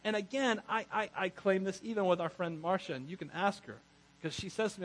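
Male pastor, higher-pitched and husky, preaching a chatty, laughing sermon full of asides. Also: quick pace, rough recording. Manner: animated, laughs often, self-correcting asides.

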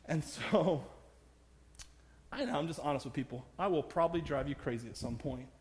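A man's voice: on the high side, moderate pace, in a large hall. A man preaching a sermon in a church, joking about himself and laughing often as he speaks. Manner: humorous, self-deprecating, laughs often. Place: church sanctuary.

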